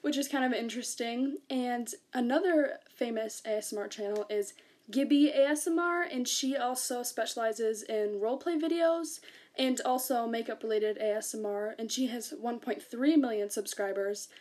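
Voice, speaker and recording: Bright-voiced young woman presenting casually. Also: a little high, normal speed. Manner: chatty, laughs often, fillers.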